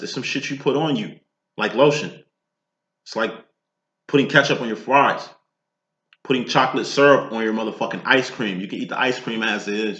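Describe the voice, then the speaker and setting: A man's voice: fairly low pitch, reverberant, lo-fi sound. Profane, streetwise man reading tarot cards. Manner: profane, streetwise, preachy and animated. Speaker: tarot reader. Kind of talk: casual spoken tarot reading.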